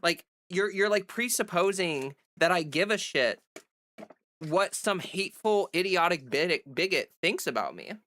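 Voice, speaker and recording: A woman talking off the cuff on a home livestream, her voice bright and forward. She rambles through fillers and restarts and stays blunt and defiant, swearing freely. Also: fairly low pitch, lively intonation, measured pace. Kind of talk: casual livestream chat. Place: home streaming setup under bright lights.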